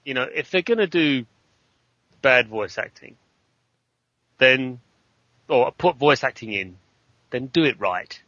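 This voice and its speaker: A man with a bright, forceful voice talks emphatically in a relaxed podcast chat. The sound is dry and a little dull. He sits slightly above the other men in pitch. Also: slow, pauses often, no room sound. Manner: animated, emphatic complaining. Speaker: podcast panelist. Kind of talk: casual chat.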